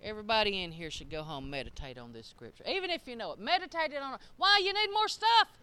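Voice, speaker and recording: A middle-aged woman preaching a sermon in a church, emphatic and swinging up to shouted peaks. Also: medium pitch, sing-song, fast talker, clear, resonant tone.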